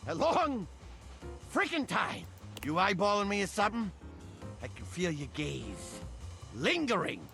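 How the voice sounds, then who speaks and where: A man's voice: high voice, very animated, unhurried, vocal fry, pauses often, bright, forceful tone, faint music behind, exaggerated voice. A man voicing a crude, suspicious male rat-trap creature who talks brash and streetwise in a video game. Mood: gruff. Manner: brash, swearing, streetwise slang.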